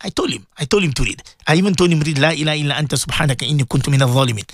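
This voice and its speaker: A man's voice: a little high, rapid-fire, no room sound, studio quality. A middle-aged man, a Muslim cleric hosting a radio talk show, telling a story to his listeners in an emphatic, preaching way. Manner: animated, emphatic preaching, addresses listeners directly.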